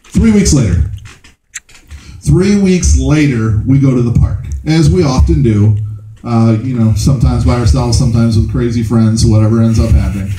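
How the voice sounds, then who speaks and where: A man in his thirties doing stand-up storytelling, animated and laughing through his own tale in a small live venue. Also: mid-range voice, normal speed. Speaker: storytelling comedian. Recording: echoey room with faint noise.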